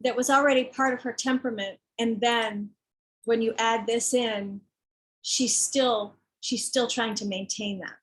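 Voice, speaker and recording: A woman's voice: fairly high pitch, fairly even intonation, a little slow, slight background noise, poor audio. A woman author talking frankly and emphatically about her children's book, acting out other people's words and sometimes swearing. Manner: swears when heated. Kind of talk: candid conversation.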